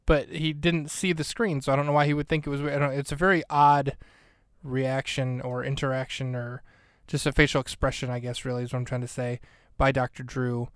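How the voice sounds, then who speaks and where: Joking, rambling podcast host, smooth voice. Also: male voice, mid-range voice, level tone, a little fast, dry recording, clean studio sound. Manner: joking, rambling, self-interrupting. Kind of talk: casual comedic podcast commentary.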